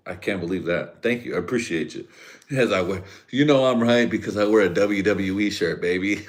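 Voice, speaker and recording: Low-voiced man ranting crudely. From Central California. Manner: rambling, crude joking, frequent laughs. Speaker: live-stream host. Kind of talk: casual profane rant.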